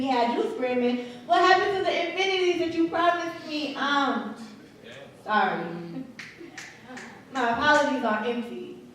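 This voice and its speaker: A woman performing spoken word poetry at an open mic, with a slow, rhythmic delivery and softly dropped line endings. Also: fairly high pitch, slight background noise. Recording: echoey room, far from the mic.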